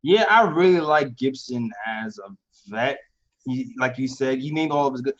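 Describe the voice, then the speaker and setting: A man's voice: mid-range voice, moderate pace. A man co-hosting a sports podcast, chatting casually and laughing often as he talks about basketball. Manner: laughs often, relaxed banter. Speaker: podcast co-host. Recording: slightly dull, lo-fi audio.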